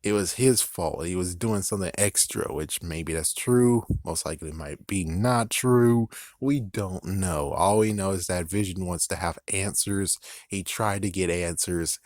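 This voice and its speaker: Low-voiced, rambling man cursing through a recap. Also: a little mellow, no echo, studio quality. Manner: rambling, swears a lot, laughs often. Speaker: channel host recapping an episode. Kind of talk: casual recap vlog.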